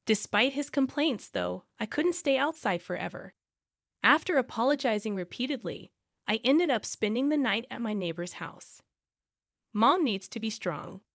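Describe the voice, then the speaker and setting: A woman narrating a first-person family drama story in a steady, plain way. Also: fairly high pitch, moderate pace, vocal fry, no room sound, studio quality.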